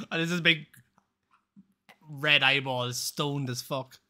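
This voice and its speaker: Bright-voiced man rambling on a stream. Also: on the high side. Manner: rambling and swearing, laughs often. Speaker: live streamer. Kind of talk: casual live-stream chat.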